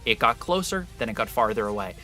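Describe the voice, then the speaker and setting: Bright-voiced young man, rambling story. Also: lowish voice, fast, soft background music. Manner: animated, rambling, swears freely. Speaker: live game streamer. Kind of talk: casual storytelling to live chat.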